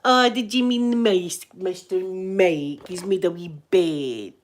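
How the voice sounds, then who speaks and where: A woman's voice: lowish voice, takes it slowly, a little hiss or hum. Chatty Scottish woman telling stories. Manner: animated storyteller, laughs often. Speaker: vlogger and grandmother. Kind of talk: chatty ASMR vlog.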